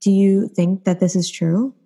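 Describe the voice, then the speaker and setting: Mellow-voiced woman leading a discussion. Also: medium pitch, steady tone, husky. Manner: leads with questions, measured and reflective. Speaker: discussion host. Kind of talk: casual discussion.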